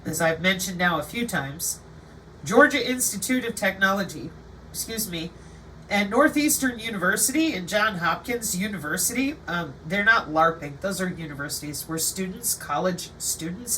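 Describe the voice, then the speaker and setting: Animated sarcastic woman ranting. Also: on the low side, normal speed, recorded from a distance, slight background noise, poor audio. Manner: animated, sarcastic, acts out quotes. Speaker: channel host. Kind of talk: livestream monologue.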